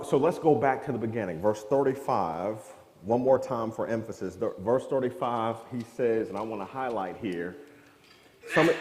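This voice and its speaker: Man, Bible class teacher, mellow dark voice, echoey church room with long reverb. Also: mid-range voice. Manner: questioning, draws on the class, restarts phrases.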